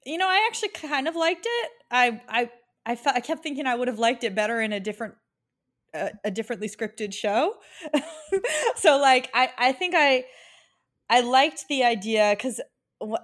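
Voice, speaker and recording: Woman, higher voice, chatty podcast co-host, laughs easily. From United States. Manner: chatty, laughs often, animated. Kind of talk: casual chat.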